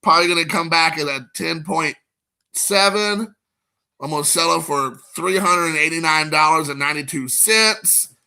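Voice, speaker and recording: Man in his forties, stream host, joking, rambling, high pitch, bright gravelly edge. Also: normal speed. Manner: joking, rambling, talks to chat viewers. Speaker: card-collecting show host. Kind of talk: casual live-stream chat, opening card packs.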